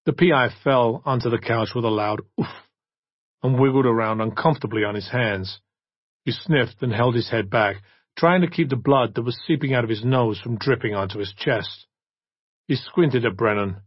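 A man narrating an audiobook in a steady, even reading voice. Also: mid-range voice, normal speed, dry recording, dull audio.

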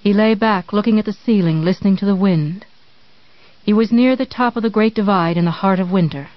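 A narrator reading a novel aloud in a measured, even storytelling way. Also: medium pitch, dry recording. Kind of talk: scripted narration. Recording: dry, slightly dull recording.

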